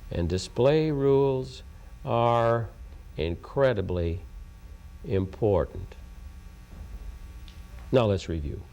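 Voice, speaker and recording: A gravelly, warm voice at medium pitch belongs to a man from Oklahoma, USA giving a recorded lecture on communication. He's emphatic, circles back to repeat his points, and asks rhetorical questions.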